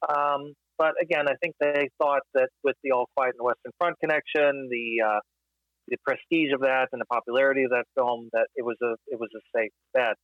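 Measured man, slightly dull recording. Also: mid-range voice, fairly even intonation, no room sound. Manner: thoughtful, measured, with many fillers. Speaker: film discussion co-host. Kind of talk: casual podcast discussion.

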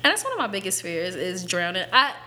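A woman's voice: on the low side, very animated, brisk, sharp tone. A woman co-hosting a podcast, chatting bluntly in casual talk. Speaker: podcast co-host. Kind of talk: casual chat.

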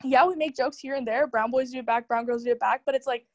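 High-voiced young woman talking fast. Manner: fast, animated talk with many "like" fillers. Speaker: guest. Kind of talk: casual chat.

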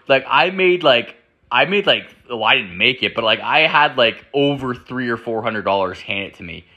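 A man's voice: mid-range voice, bright, forceful tone. A man hosting a show, telling a rambling comedic story from his own life, swearing heavily and saying "like" a lot. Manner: rambling, heavy swearing, lots of "like". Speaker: show host.

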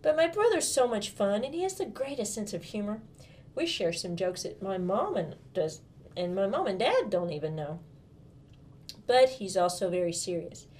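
A woman's voice: medium pitch, sing-song, normal speed, a little mellow, a little hiss or hum. Woman reading a bubbly girlish storybook. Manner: bubbly, gushing, childlike enthusiasm. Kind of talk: first-person storybook reading as a young girl.

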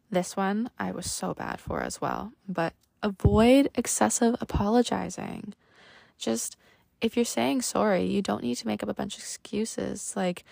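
A woman's voice: medium pitch, gravelly, a little mellow, dry recording. A young woman hosting a casual self-help podcast, chatty with lots of fillers, acting out little quoted lines. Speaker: podcast host.

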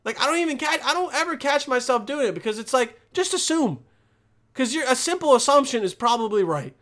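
A man's voice: very high voice, a little fast. Profane young man ranting in a vlog. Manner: profane, rambling, animated ranting. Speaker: vlogger. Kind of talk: casual vlog rant.

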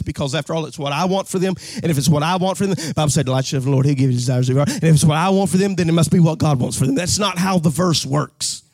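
Animated man preaching a sermon. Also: fairly high pitch, no echo, studio quality. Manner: animated preaching, breaks into shouts and sing-song cadence; folksy, jokes with the crowd, repeats phrases. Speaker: pastor. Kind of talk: live sermon to a congregation.

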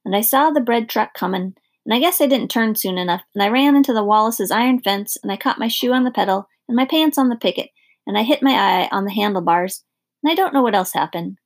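A loud, boastful young boy, as a woman puts him on, offhand and cocky. The voice is pitched up high, with a husky, gravelly grain. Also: expressive, fast.

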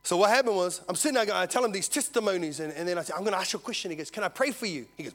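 A man preaching a sermon, telling a story and swinging from loud to hushed. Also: sits high, rapid-fire, few pauses. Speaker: visiting preacher.

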